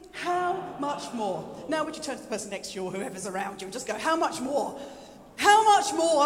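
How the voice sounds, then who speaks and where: A woman with a high voice delivers a passionate sermon to her congregation, repeating phrases and calling them to answer back. The sound carries a long echo from a church hall. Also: slight background noise. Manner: passionate, repetitive call-and-response. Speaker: preacher. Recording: echoey hall.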